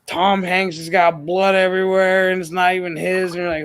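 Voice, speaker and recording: A man hosting a gaming stream, telling a story in casual chat, profane and animated. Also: high-pitched, moderate pace, smooth.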